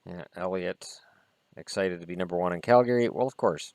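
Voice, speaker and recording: A man's voice: sits low, a little fast, a little mellow, dry recording. A man hosting a casual vlog, chatting in an opinionated way and swearing mildly as he opens trading cards. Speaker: hockey vlogger. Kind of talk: casual card-opening vlog chat.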